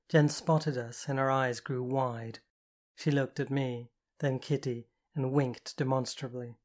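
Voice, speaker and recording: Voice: mid-range voice, darkish tone. Intimate first-person audiobook narrator.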